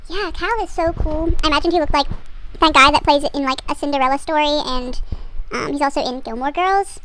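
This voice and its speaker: Young aussie woman vlogging, high voice, chatty and sarcastic, swears a lot, bit of faint noise. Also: a bit bright, rough recording. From Australia. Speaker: book vlogger. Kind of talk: casual chat, retelling a book plot.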